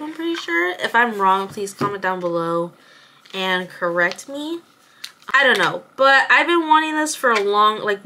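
A woman's voice: medium pitch, pushed and bright, a little hiss or hum. A young woman chatting casually to her camera in a rambling vlog, with lots of ums and likes. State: out of breath. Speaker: vlogger.

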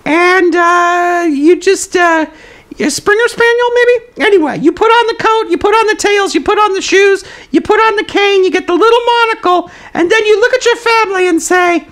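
A man's voice: extremely high pitch, moderate pace, fairly bright tone. A man voicing a zany toilet paper roll puppet who hosts a comedic live stream. The puppet hands out absurd life advice in a matter-of-fact way and chats with viewers, with hesitant fillers.

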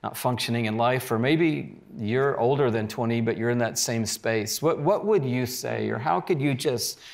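Male faith talk show host, measured and encouraging, gravelly mid-range voice. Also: medium pitch. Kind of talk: interview questions.

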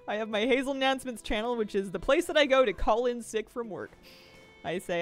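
A woman's voice: mid-range voice, quick pace, creaky, faint music behind. A young adult woman streaming a game, chatting casually and rambling, often breaking into laughter. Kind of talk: casual live-stream chat while gaming.

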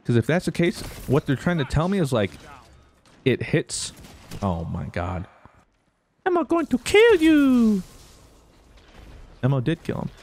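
A young man giving jokey, excitable commentary over his own gameplay, breaking into sudden loud outbursts. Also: mid-range voice, normal speed. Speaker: gaming YouTuber.

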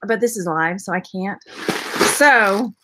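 A woman's voice: medium pitch, slow, sharp tone, a little hiss or hum. A woman chatting casually on a live stream, playful and rambling, throwing in silly sound effects. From Texas. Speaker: vlogger unboxing purses.

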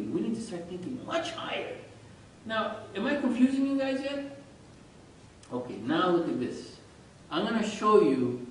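A man with a notably high voice gives an animated, informal lesson, quizzing his listeners as he goes. He sounds distant from the microphone in a heavily echoing room. A faint low rumble sits underneath. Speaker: religious study teacher. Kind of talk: informal lecture to a group. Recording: very echoey room, far from mic, faint rumble.

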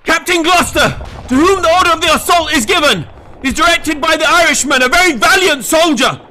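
An actor playing an urgent army messenger who calls out orders. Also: male voice, extremely high pitch, fairly quick, heavily acted, low-quality recording. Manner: urgent, shouting. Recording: battle noise and crowd behind.

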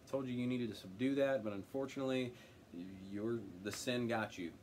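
A man leading a casual Bible study, reading scripture aloud and commenting on it in an animated, conversational way. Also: medium pitch, brisk, a little hiss or hum. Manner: animated, paraphrasing God's words in a direct conversational voice.

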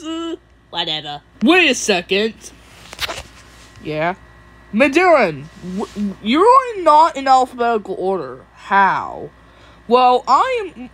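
A woman's voice: on the high side, big pitch swings, slow, poor audio. A young woman voicing many cartoon characters in a playful, silly way. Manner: playful, silly voices, giggly.

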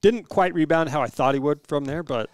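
A man's voice: fairly high pitch, a little fast, dry recording, clean studio sound. Laid-back man in casual racing chat. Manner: laid-back, brief agreeing replies. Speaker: racing show co-host.

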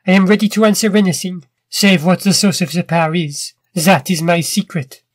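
Sneering inventor villain for a classic story reading, male reader, sly and mocking, pitched high. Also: steady tone, moderate pace, dry recording. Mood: evasive. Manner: smooth, mocking, then stammering when scared.

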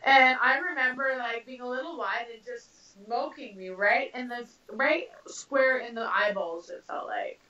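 A Canadian woman boxer tells her stories in a lively, casual way, full of fillers and restarts. Her voice is bright and a little high, and she sounds distant from the mic in an echoey room with a dull, muffled tone. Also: unhurried, few pauses. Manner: animated storytelling, many fillers. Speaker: professional boxer, interview guest. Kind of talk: casual interview answers.

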